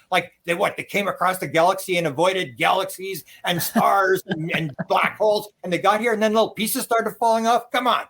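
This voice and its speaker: A man in his sixties from Canada, telling stories in an interview with excitable energy, acting out quoted exclamations, often restarting and laughing. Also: sits high, a little fast, few pauses. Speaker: UFO researcher telling stories. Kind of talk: animated storytelling interview.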